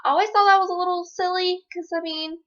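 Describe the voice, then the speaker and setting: A woman's voice: extremely high pitch, steady tone, fast talker, a bit bright. A young woman, chatting sarcastically as she tells stories to the camera. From Georgia, USA. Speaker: vlogger. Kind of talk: casual chat. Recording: dull lo-fi recording.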